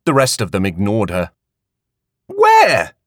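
A man narrating an audiobook in an expressive storytelling manner. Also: on the low side, normal speed, no echo, studio quality. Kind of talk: scripted narration.

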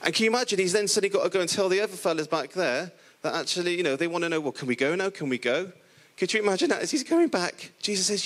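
A middle-aged man from the area preaching a lively, playful sermon, acting out the characters in the stories he tells. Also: high-pitched, fast talker. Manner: playful, animated storytelling with voiced characters.

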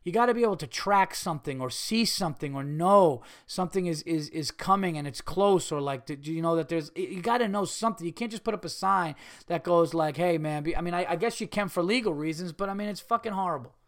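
A middle-aged male comedian hosts a podcast, launching into a profane, ranting monologue that moves between yelling and calmer musing. His voice sits high and he talks fast.

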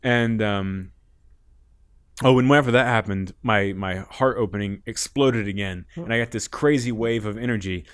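A man's voice: on the low side, normal speed, smooth. A man guest on a podcast, telling a rambling story in casual talk, often laughing and swearing.

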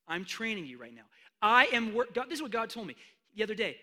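A man preaching a sermon, animated, swinging between hushed asides and loud emphatic declarations. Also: very high voice, fairly quick. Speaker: pastor.

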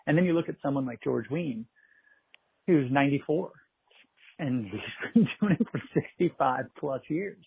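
A man, a festival producer, telling animated anecdotes in a casual interview, quoting people and laughing often. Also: mid-range voice, normal speed, a little hiss or hum. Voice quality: husky, gravelly. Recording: tinny phone-like line.

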